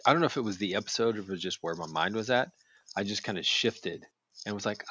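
A man's voice: on the low side, expressive, fast, creaky, pushed and bright, slightly rough, lo-fi sound. A man rambling in casual chat as a podcast co-host, swearing freely and restarting his sentences often.

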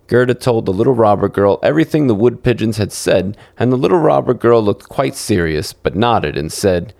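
A man with a low, gravelly voice reads a fairy tale aloud for children, lifting his pitch when characters speak. The recording is dry and close, with no room sound. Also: expressive, normal speed, few pauses, a little mellow, dry recording. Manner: acts out dialogue with lifted pitch. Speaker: storyteller.

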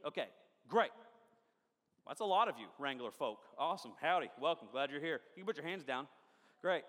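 A man preaching a sermon in a lively, joking way, often checking in with the crowd. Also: a little high, brisk, big-room sound. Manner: animated, jokey, asks the crowd often. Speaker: pastor. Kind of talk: sermon with storytelling. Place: large church hall.

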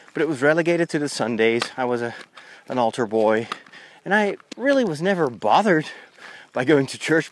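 Chatty priest talking while walking. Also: male voice, medium pitch. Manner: rambling, conversational, with frequent restarts. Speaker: Catholic priest and podcaster. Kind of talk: chatty walking podcast monologue. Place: outdoors on a country path. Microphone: lavalier mic on a phone.

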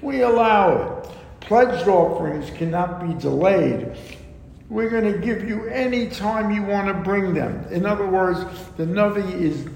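A man teaching a verse-by-verse Bible lesson, explaining slowly and deliberately with frequent ums and asides. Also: on the high side, gravelly, a little mellow. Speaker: Torah teacher. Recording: echoey room with long reverb and faint background noise.

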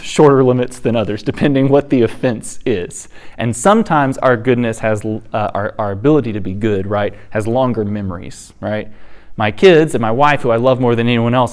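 A man in his thirties giving a conversational church teaching, telling family stories with animated, laughing asides. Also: lowish voice. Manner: storytelling, animated, acts out quotes with laughter.

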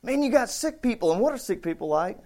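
A man preaching a casual, conversational sermon, acting out bits of the story with shouts and voices. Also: high voice, sing-song, fast talker. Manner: conversational, thinks aloud with restarts. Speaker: pastor.

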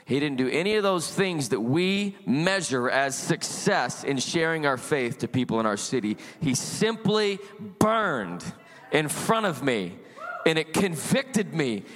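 Middle-aged pastor guy preaching his testimony, animated, kinda high voice, big echoey church sound. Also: a little slow. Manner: animated storytelling, acts out quoted voices. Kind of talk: sermon with personal testimony.

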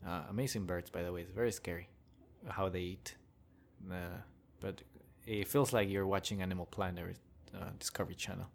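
A man's voice: sits low, fairly even intonation, a little fast, vocal fry, a little hiss or hum. A young man hosting a casual solo rant, rambling and joking with frequent chuckles. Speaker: podcast host.

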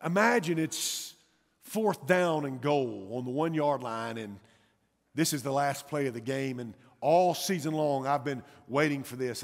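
A man preaching a sermon in a church, telling a story dramatically and swinging from loud urgency to hushed intensity. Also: mid-range voice. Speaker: pastor. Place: church sanctuary. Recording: long hall reverb.

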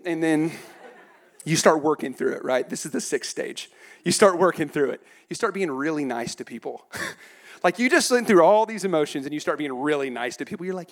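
A man's voice: on the high side, a little fast. A man in his thirties preaching a humorous sermon in church, laughing often and acting out quotes. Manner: animated, laughing, acts out quotes. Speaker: pastor.

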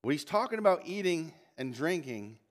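A man preaching a sermon as lead pastor in a church, animated and full of restarts and asides, lifting his voice when reading scripture aloud. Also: on the high side, moderate pace. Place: church sanctuary.

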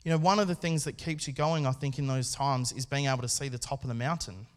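A man preaching a sermon at a church service, speaking in an earnest, conversational way with pauses and restarts. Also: mid-range voice, fairly even intonation. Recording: long hall reverb.

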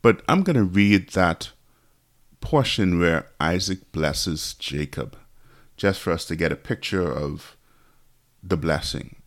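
Male Bible teacher, very low voice with some fry, conversational, reads verses aloud. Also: animated, takes it slowly. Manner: conversational, thinking aloud with asides.

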